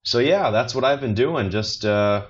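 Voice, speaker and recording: On his solo podcast, this man, who isn't from China but lives in Beijing, speaks in a mid-range voice at a measured pace. He meanders, restarts often, leans on fillers and pokes fun at himself, all on a muffled recording.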